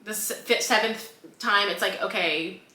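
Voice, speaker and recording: Young woman podcast cohost, bright higher voice, animated retelling, swears a lot, echoey room. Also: moderate pace. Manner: animated storytelling, acting out characters, swearing. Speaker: podcast co-host. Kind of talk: casual chat.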